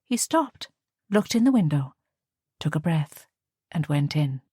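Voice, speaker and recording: Woman narrating an audiobook, low-voiced. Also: big pitch swings, warm tone, breathy edge, dry recording, clean studio sound. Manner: measured storytelling. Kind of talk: scripted narration.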